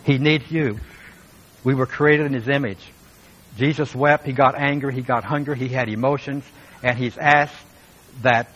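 A man's voice: medium pitch, a bit bright, slightly rough, poor audio. A man preaching a sermon as pastor, speaking earnestly and with emphasis, and turning now and then to talk straight to his listeners.

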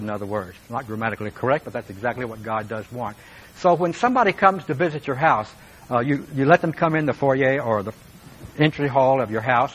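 A man's voice: medium pitch, brisk, fairly bright tone, slightly rough, poor audio. A man preaching a sermon as pastor, speaking earnestly and with emphasis, and turning now and then to talk straight to his listeners.

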